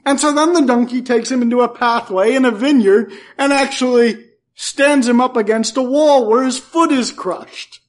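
Folksy high-voiced male preacher. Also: moderate pace. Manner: folksy, humorous asides, storytelling. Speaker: pastor. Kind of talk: sermon, expository Bible teaching.

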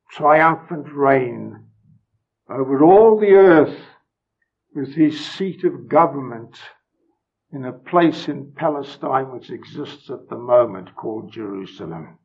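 Slow, husky preacher man, dull recording. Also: fairly high pitch. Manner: solemn, emphatic, swings from loud to hushed. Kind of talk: sermon.

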